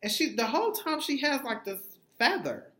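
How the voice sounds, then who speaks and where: A man's voice: extremely high pitch, very animated, normal speed, fairly bright tone. Brief: sassy profane male recap vlogger, roomy. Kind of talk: casual gossip recap. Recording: roomy echo.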